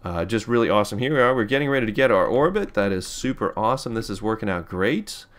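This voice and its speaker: A let's play host from Pittsburgh, USA, commentates his own space game playthrough, chatting casually and rambling in an upbeat way. His voice is lowish with lively intonation, and he talks fast over faint background music.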